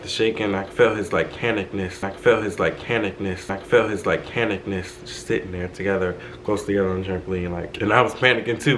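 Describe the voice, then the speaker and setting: A man's voice: fairly low pitch, a bit bright, slight background noise, rough recording. A young man vlogger telling a casual storytime, chatty and laughing in asides to his viewers, filmed on his own camera.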